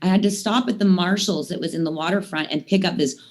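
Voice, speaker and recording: A woman's voice: lowish voice, fast talker, slight background noise. Chatty woman, rambling storyteller. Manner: rambling storyteller, many "I mean" and "like" fillers. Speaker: guest singer. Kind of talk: casual interview chat.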